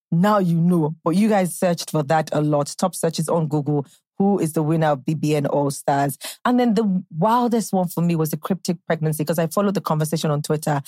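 Give me a chatty young Nigerian woman hosting a podcast, with a slightly low voice and a dry, close sound. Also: no room sound. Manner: chatty and animated, slips into put-on British slang. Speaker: podcast host. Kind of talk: casual solo podcast chat.

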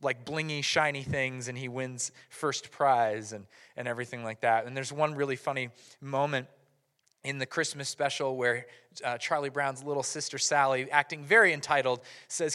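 Man in his 30s, pastor, Christmas sermon, bright tense voice, long hall reverb. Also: mid-range voice, normal speed. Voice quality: animated, playful. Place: church sanctuary with audience.

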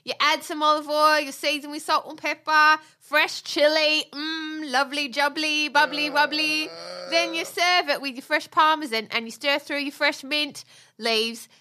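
A woman's voice: high-pitched, fairly even intonation, normal speed, pushed and bright, pitched above the performer's own voice. A woman putting on a cheery male TV chef with a bouncy sing-song delivery.

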